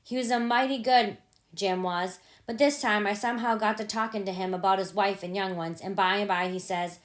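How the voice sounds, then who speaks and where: A woman narrating a novel in the first person, in steady, measured storytelling. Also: mid-range voice. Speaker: audiobook reader.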